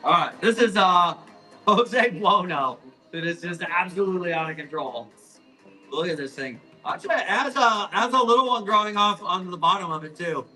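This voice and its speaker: A man hosting a live plant auction, rambling, apologizing and swearing as he hurries through his sales pitch. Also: expressive, normal speed, bright, forceful tone, soft background music, low-quality recording. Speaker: live-stream plant seller. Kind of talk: live auction selling chat.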